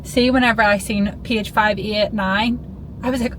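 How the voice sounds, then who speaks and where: A young woman chats straight to her camera in a loose, rambling vlog style, bubbly and quick to get excited. Her voice sits a little high. A faint hum of background noise runs under her talk. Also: poor audio. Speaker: vlogger. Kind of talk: casual chatty vlog.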